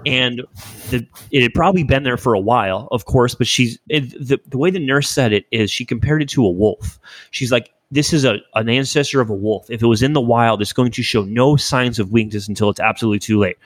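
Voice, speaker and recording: A young man hosts a podcast, his medium-pitched voice moving briskly with no room sound. He tells an emotional story in a loose, rambling, casual-chat way and swears often.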